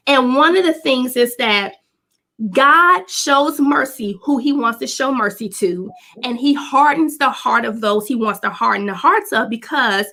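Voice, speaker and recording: A woman's voice: a little high, a bit bright. A woman hosting a faith-based talk show, speaking in a preachy way and quoting scripture.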